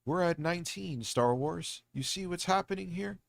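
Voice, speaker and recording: A man's voice: sits high, normal speed, vocal fry, no echo, studio quality. A man hosting a casual livestream, talking in a rambling, jokey, off-the-cuff way. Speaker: livestream host.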